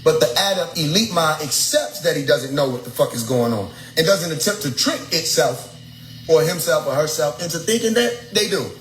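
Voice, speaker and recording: A young man, casually lecturing a group in an animated, preachy way and swearing freely. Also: fairly high pitch, normal speed, soft background music. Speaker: speaker addressing his followers. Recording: echoey room with faint ambient noise.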